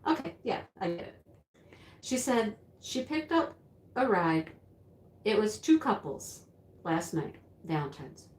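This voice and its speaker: A woman telling a story in an animated, exclaiming way. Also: medium pitch, slow pace, pauses often. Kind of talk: storytelling chat. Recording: roomy echo.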